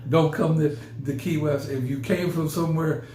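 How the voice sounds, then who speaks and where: A man's voice: fairly high pitch, steady tone, normal speed, mellow, slight background noise. Rambling male podcast host, roomy echo. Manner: rambling, emphatic, repeats words. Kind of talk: casual chat.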